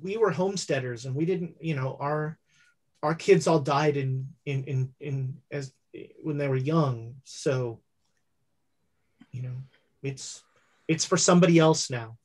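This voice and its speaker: A game master voicing the ghost of a grieving male homesteader in a tabletop horror game, speaking in a hushed, sorrowful way. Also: mid-range voice, a little slow, natural voice.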